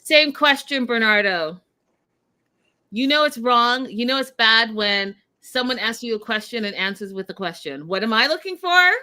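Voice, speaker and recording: A woman hosting a casual recap of a reality show, animated and talking straight to her viewers. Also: on the high side, moderate pace, clear, resonant tone. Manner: animated, addresses viewers directly. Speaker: show host.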